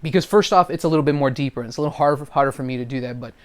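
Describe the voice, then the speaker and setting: A man's voice: mid-range voice, very fast. A man talking casually about voice acting and impressions, rambling with many fillers. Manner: rambling, full of fillers and trailing phrases. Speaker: hobby voice actor. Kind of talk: casual vlog talk.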